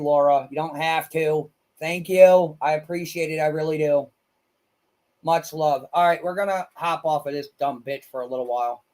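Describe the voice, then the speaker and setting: A man streaming live, chatting casually with viewers in a blunt, crude and excitable way. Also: fairly high pitch. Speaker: livestreamer. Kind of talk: casual livestream chat.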